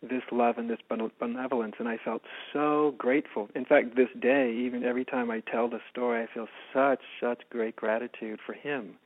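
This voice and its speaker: A man from the United States, a spiritual teacher, telling a personal story in an interview, soft-spoken and halting with many restarts. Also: medium pitch, steady tone. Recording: phone-like narrow band.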